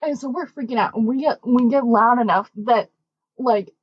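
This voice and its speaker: A young woman co-hosting a podcast, telling a story casually and acting out the quoted voices with big jumps in pitch. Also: moderate pace, breathy edge. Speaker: podcast co-host. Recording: dull, dry lo-fi mic.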